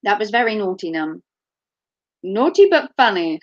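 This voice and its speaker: A woman's voice: mid-range voice, big pitch swings, moderate pace. Give me a teasing, giggly woman vlogging on a dull lo-fi recording. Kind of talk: casual chat to camera.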